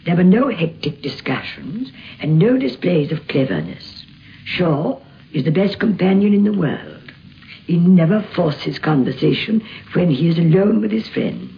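Woman with a lilting, creaky voice. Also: fairly low pitch, sing-song, a little slow. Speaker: interviewee recalling a friend. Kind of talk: archival reminiscence. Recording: dull lo-fi archive recording with faint background hiss.

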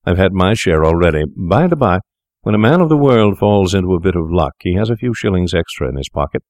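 A man's voice: deep voice, expressive, brisk, darkish tone, no room sound, studio quality. A man doing a cool, coaxing young doctor. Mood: smoothly persuasive. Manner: smooth, coaxing, matter-of-fact. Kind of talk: audiobook character voice.

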